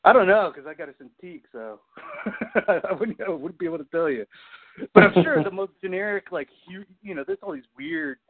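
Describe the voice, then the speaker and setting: A man's voice: sits high, lively intonation, normal speed. A man hosting a podcast in casual chat, rambling and swearing constantly. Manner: swears constantly, rambling, says "you know what I mean". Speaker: podcast host. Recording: tinny phone-like audio.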